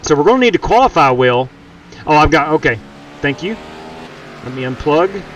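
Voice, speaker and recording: A man's voice: fairly high pitch, animated, moderate pace, fairly bright tone, dull audio, a little hiss or hum. A man streaming a sim race live, chatting casually and greeting viewers by name as he drives. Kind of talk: live stream commentary while racing.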